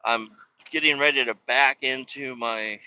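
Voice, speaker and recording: A man's voice: mid-range voice, fairly even intonation, unhurried, sharp tone, clean tone, highs cut off. A man, a truck driver, casually telling stories on a vlog from inside his truck cab, chatty and profane.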